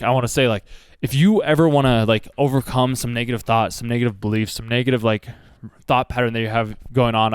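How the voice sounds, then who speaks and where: A man talks quickly about an anime, drifting into earnest advice and leaning on "like" constantly. His voice is clean and smooth, recorded dry and close with no room sound. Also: mid-range voice, no echo. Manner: rambling, earnest, heavy use of "like". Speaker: anime reaction host. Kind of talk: casual commentary with life advice.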